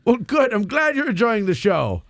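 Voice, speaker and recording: Guy hamming up a cranky santa, high swoopy voice, a bit gravelly, dry room. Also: sing-song, moderate pace, no echo. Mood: grumbling. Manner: bickering, blustery, laughs a lot. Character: grumpy self-pitying male Santa Claus. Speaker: podcast host playing Santa. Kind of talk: improvised comedy role-play.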